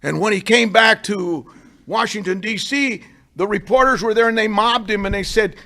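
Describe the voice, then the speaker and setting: A man giving a blunt, wisecracking motivational talk at a recovery meeting, swinging from low murmurs to loud emphatic bursts. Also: moderate pace. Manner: blunt, wisecracking, street-talking.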